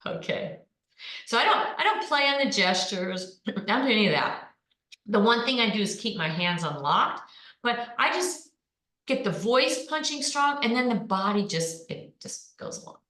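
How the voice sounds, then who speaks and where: A woman's voice: medium pitch, very animated, normal speed, bright, forceful tone. A woman coaching people on presenting online, speaking with energy and punching out keywords. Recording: echoey room.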